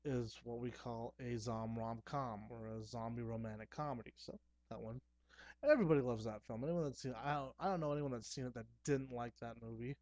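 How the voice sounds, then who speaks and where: A young man talking casually to camera at home, chatty and excitable, with playful asides. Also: medium pitch, brisk, no room sound. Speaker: horror movie vlogger. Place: dim room at home.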